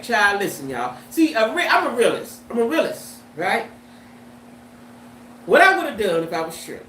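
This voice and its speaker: A woman hosting a casual commentary vlog, talking to her viewers in an animated way and often asking them "right?". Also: medium pitch, brisk. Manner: animated, talks to viewers with "right?" and "you know what I'm saying". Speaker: host. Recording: echoey room with faint background noise.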